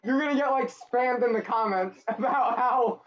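Woman host, high lively voice, giggly teasing gamer banter, slightly lo-fi audio. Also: moderate pace, slight background noise. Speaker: gaming channel host. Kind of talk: casual gameplay chat with friends.

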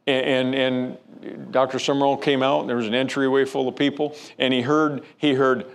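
Casting: male pastor, mid-pitched, gravelly, sermon storytelling with stumbling restarts. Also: level tone, normal speed, few pauses. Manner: storytelling, frequent stammered restarts.

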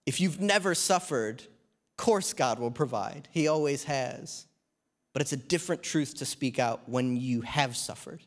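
A man in his thirties or forties preaching a sermon in church, talking in a conversational way with humorous asides. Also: mid-range voice. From New Zealand.

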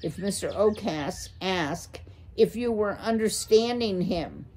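A woman's voice: medium pitch, expressive, takes it slowly, darkish tone, slight background noise. A woman voicing a nervous, fawning father mouse straining to sound jaunty. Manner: jaunty, flustered.

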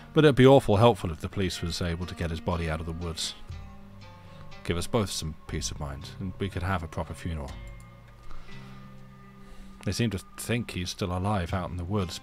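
A man's voice: sits low, fairly quick, a little mellow, soft background music, pitched below the performer's own voice, close to an everyday voice. A man reading the lines of a grieving young man whose father has died, in his own plain voice without any accent. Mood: somber. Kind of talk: reading game dialogue aloud.

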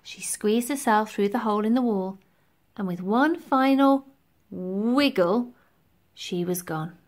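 A woman reading a children's storybook aloud, telling it in an expressive, lively way. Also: mid-range voice. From England. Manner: lively, expressive storytelling with slow deliberate pacing. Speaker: reader.

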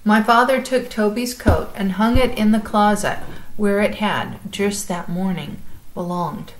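Woman reading a chapter book out loud, calm and measured, middle pitch. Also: a little hiss or hum, poor audio. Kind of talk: chapter book read-aloud.

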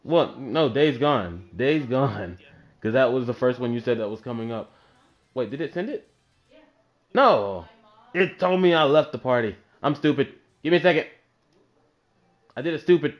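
A gaming channel host with a medium-pitched, expressive voice at normal speed runs a casual gaming session with a friend. He's crude and teasing and swears often, captured in dull lo-fi audio with faint noise.

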